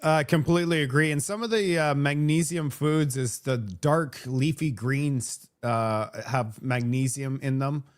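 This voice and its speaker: A French-Canadian man from Vancouver, whose first language is French, hosts a live stream and chats casually, rambling with lots of restarts and fillers. His voice is medium-pitched and his pace is measured, with hardly any pauses.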